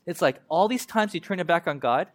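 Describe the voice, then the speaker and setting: A man preaches in a relaxed, conversational way, slipping into voices to act out the people in the scripture. His voice sits a little high for a man, and his delivery swings between loud and soft. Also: a little fast. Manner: conversational, animated, acts out voices of God and prophet. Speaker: pastor. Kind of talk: sermon.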